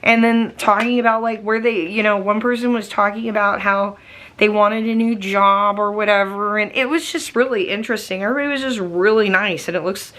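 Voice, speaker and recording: A woman's voice: mid-range voice, steady tone, fairly quick, a bit bright. A woman vlogger chatting casually to camera at home, rambling with lots of fillers while getting over a migraine. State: recovering from a migraine.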